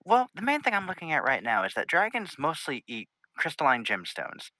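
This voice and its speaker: A man's voice: on the high side, wildly swooping pitch, a little fast, pushed and bright, no room sound, voice pushed up, full character voice, poor audio. A man voicing a tired, scholarly female pony princess who is flustered and hesitant, full of ums.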